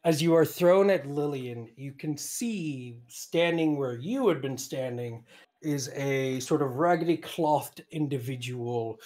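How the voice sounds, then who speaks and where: A man's voice: medium pitch, a little mellow. A man with an English accent running a tabletop horror game as game master, narrating loosely with many fillers.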